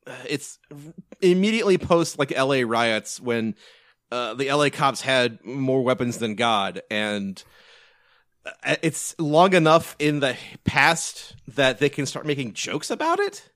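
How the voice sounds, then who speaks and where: A man's voice: medium pitch, lively intonation, measured pace, fairly bright tone, dry recording. A man rambles through a casual movie podcast chat. He restarts often and swears now and then, in a dry, close recording. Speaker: podcast co-host.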